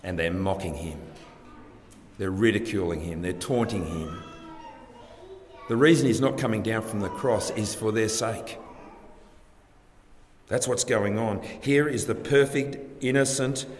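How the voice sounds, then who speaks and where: A man preaching a sermon to a congregation, earnest and full of rhetorical questions, rising and dropping his loudness for emphasis. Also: on the low side, measured pace, long pauses, slight background noise. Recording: long hall reverb, faint background ambience.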